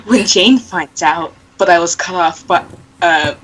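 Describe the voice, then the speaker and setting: A woman's voice: lowish voice, fairly bright tone, a little hiss or hum, poor audio. A young woman mockingly reading fanfiction aloud, giggling and adding sarcastic asides. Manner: reads slowly, breaks into giggles and sarcastic asides. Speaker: reader.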